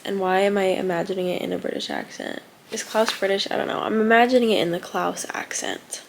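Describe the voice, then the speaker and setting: A young woman vlogging about a book she is reading, reading passages aloud and reacting excitedly, with lots of "like" fillers. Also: medium pitch, normal speed, creaky, a little hiss or hum. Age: young adult.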